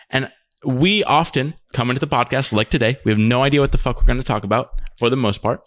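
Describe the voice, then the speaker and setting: A man's voice: medium pitch, fast talker, a bit bright, no echo, studio quality. A man co-hosting a podcast in casual chat, laid-back and swearing freely as he laughs along. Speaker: podcast co-host. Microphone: remote podcast recording.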